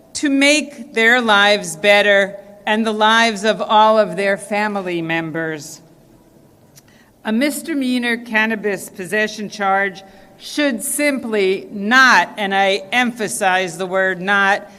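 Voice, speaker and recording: A woman state senate president delivering a formal press conference speech, measured and stressing key words. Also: medium pitch, fairly bright tone. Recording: long echo in a large hall.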